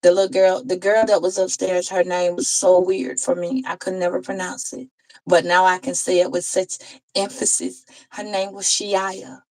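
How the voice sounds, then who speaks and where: A woman tarot reader telling an emotional personal story in a heartfelt, conversational way, pausing and restarting as she goes. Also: lowish voice, little pitch movement, darkish tone, rough recording.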